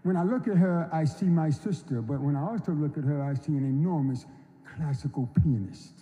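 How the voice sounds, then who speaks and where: A man's voice: fairly high pitch, warm tone. Older man telling stories on stage. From North Carolina, US. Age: 70s. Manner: unhurried, folksy, acts out quoted voices. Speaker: speaker at an induction ceremony. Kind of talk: storytelling speech on stage. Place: large hall. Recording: long reverb of a large hall.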